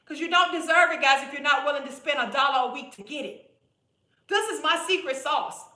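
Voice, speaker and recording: A woman's voice: sits high, fairly quick, pushed and bright. A woman weight-loss coach talking straight to her viewers in a blunt, chatty way on a live stream. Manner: direct, chatty, repetitive, calls viewers "boo". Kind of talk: casual live-stream sales pitch. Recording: roomy echo.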